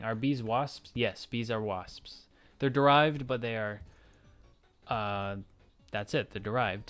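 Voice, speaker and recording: A young man from Ontario, Canada, streaming and chatting casually with viewers, rambling and joking as he answers questions. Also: medium pitch. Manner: rambling, self-interrupting, joking with chat. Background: faint music.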